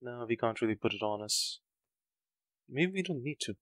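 A man's voice: mid-range voice, expressive, normal speed, poor audio. A man hosting a let's play, thinking aloud in casual gameplay commentary. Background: game music.

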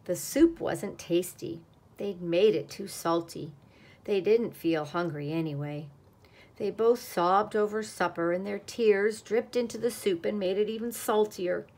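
A woman reads a picture book aloud in an expressive storytelling voice. She takes her time with dramatic pauses, and her mid-pitched voice has a gravelly edge.

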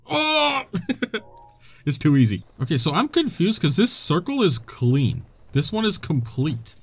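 Playful young man with a lively voice. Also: medium pitch. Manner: playful, jokey, talks to the game characters. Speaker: gaming channel host. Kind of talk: let's-play commentary.

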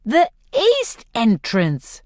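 A woman narrator plays a gentle young girl who corrects people patiently. She speaks slowly and evenly. The recording is close and dry. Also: on the high side, huge pitch swings, no room sound, full character voice.

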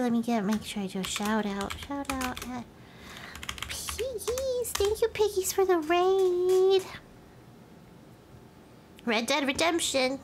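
A woman's voice: sits high, a bit bright, slight background noise. A woman live-streaming a life-sim game, chatting to viewers and scolding the game characters, with playful swearing. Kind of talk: live gameplay commentary.

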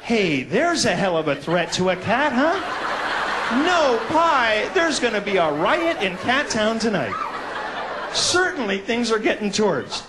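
A man doing a stand-up routine on a club stage, animated and jumping into voices. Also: high-pitched, measured pace. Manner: animated, jumps into put-on voices. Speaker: stand-up comedian. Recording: noisy club recording with audience.

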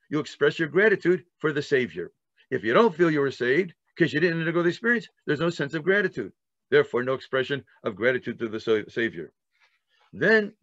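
An older rabbi teaches a Torah lesson with animation, acting out words through breaths and gasps and answering his own questions. His voice is a little high, on a dry recording with the highs cut off.

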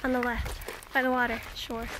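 A woman's voice: on the high side, monotone, normal speed, background noise. A woman from Minnesota, chatting casually in a travel vlog by a lake, laughing often and coaxing her dog. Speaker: vlogger. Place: outdoors by a lake.

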